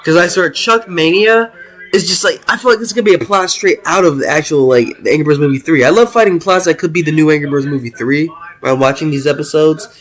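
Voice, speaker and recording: A young man giving casual tier-list commentary as host, excited and rambling, with many restarts and slang. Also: a little high, fast talker. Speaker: video host ranking cartoon episodes.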